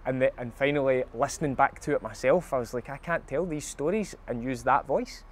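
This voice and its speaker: A man's voice: medium pitch, brisk. A Scottish man in an interview, reflective and thoughtful.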